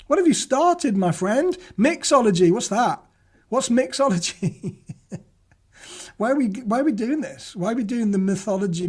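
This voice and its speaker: A man hosting a casual live-stream property news show, reading out viewer comments, joking and laughing at his own stumbles. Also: sits high. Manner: jokey, chatty, reads viewer comments aloud and laughs at himself.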